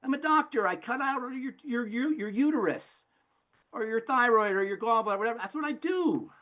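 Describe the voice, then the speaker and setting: A man's voice: extremely high pitch, lively intonation, a little fast, fairly bright tone, voice pushed up. A man voicing a smug male doctor who only prescribes drugs and surgery, in a raised, insistent voice.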